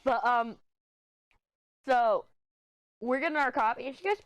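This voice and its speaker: A woman's voice: a little high, a little slow, clean tone, dry recording. A middle-aged woman vlogger chatting casually while she crafts, telling a rambling story and giggling often. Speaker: diamond painting vlogger.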